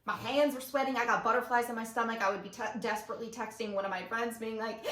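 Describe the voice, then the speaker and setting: Animated young woman, roomy echo. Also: fairly high pitch, fast, hardly any pauses. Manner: animated, expressive storytelling. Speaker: podcast co-host, daughter. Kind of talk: casual chat.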